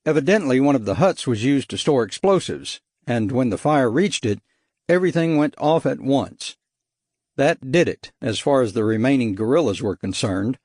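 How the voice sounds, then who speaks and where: A man narrating an adventure audiobook in the first person with lively storytelling. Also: medium pitch, normal speed, no room sound, clean studio sound. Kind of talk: scripted narration.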